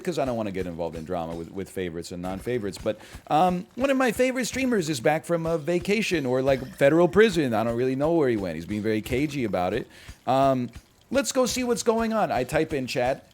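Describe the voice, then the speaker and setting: Animated man chatting while gaming. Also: medium pitch, a little fast. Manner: rambling, self-deprecating, jokey voice bits. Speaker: streamer. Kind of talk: casual chat while gaming.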